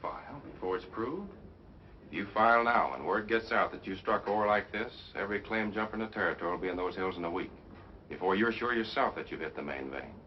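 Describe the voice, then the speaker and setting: An actor playing a cautious, courteous frontier storekeeper with a measured manner, in a 1950s film. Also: male voice, low-pitched, lively intonation. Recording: dull old film soundtrack with faint noise.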